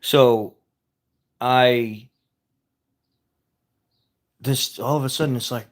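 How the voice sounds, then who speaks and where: A man's voice: mid-range voice, fairly even intonation, very slow, long pauses. A man telling a personal story in a casual, rambling way, repeating himself and chuckling as he goes. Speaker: vlogger.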